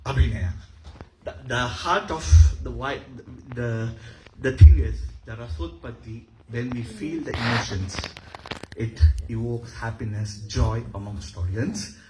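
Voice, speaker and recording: A man with an Indian accent giving an animated university lecture on dance. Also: mid-range voice, a little slow, noisy background. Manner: explanatory, animated. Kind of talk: lecture with demonstrations. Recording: echoey hall.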